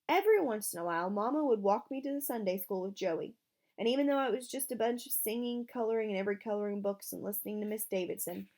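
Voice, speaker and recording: Female reader, novel chapter read aloud, character voices, mid pitch. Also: darkish tone. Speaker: audiobook reader.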